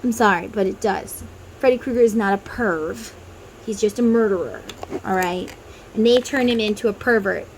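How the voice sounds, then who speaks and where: A woman's voice: mid-range voice, normal speed, slight background noise, poor audio. A woman who reads tarot, talking casually to viewers and guiding them through an inner-child meditation, with chatty tangents. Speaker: tarot reader.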